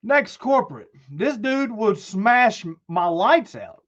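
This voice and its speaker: A man's voice: sits high, very animated, slow, fairly bright tone, lo-fi sound. A man hosting his channel, ranting bluntly and heatedly about sports, swearing and rambling. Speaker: channel host.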